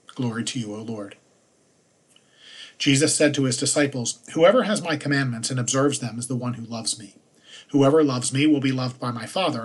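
A man, a priest, reading the day's scripture passages aloud in a measured liturgical manner. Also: mid-range voice, breathy edge.

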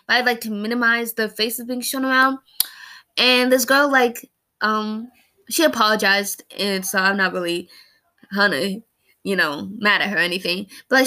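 Speaking to camera in a casual, personal way, a woman in her early 20s rambles emotionally about a loss she has suffered, full of fillers and restarts. Her voice is a little high with a sharp tone.

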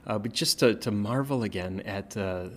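Man, pastor type, relaxed scripture talk, slightly low voice, keeps asking "right?". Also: normal speed, slight background noise. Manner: conversational, checks in with "right?", many fillers. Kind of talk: casual Bible teaching.

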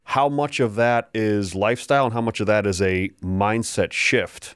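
A man hosting a podcast interview, asking his questions in a quick, conversational way. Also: on the low side, steady tone, smooth, dry recording, clean studio sound. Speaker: podcast host.

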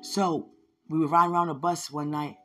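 Husky woman telling her own testimony on a podcast, earnest and chatty, keeps talking right to the listener, faint music under her. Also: sits low, fairly even intonation, a little fast. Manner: earnest, conversational, addresses listeners directly. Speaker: podcast host sharing a testimony. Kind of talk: personal testimony storytelling.

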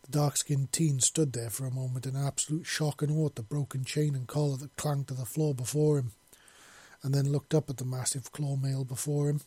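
A man narrating a fiction chapter in a steady, plain storytelling way. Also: mid-range voice, brisk, slightly rough, no room sound. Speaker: audiobook narrator.

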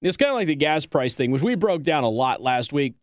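A man's voice: a little high, big pitch swings, fairly quick, no room sound, studio quality. A man hosting a political talk show, delivering opinionated commentary and mocking others in quoted voices.

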